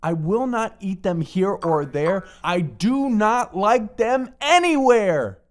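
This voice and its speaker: A woman reading a rhyming children's storybook aloud with a rhythmic, sing-song bounce. Her voice is mid-pitched, swings widely up and down, and moves at an unhurried pace. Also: lively intonation, dry recording.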